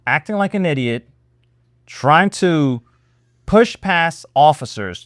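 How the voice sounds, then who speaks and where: A man hosting political reaction commentary, his fairly high voice swinging up and down as he needles listeners with rhetorical questions. The delivery is sarcastic and animated. The recording is dry and close. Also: a little slow, no echo. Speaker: host.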